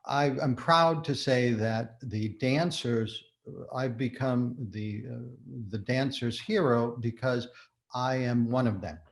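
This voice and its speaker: An older man, a guest in a casual interview, telling stories in an animated way with frequent laughter. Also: medium pitch, slow. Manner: animated storyteller, laughs often. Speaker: guest, shoemaker and former performer.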